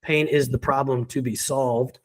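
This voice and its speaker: A man in an interview, confidently explaining why pain is a sign of a deeper problem, with a laugh now and then between points. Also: fairly even intonation, a little slow. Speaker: physical therapy guest. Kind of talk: conversational interview.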